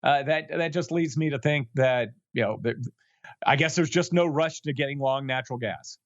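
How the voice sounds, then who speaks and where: A man's voice: mid-range voice, normal speed, dry recording, muffled recording. A man speaking as a guest expert in casual chat, rambling with self-deprecating humor.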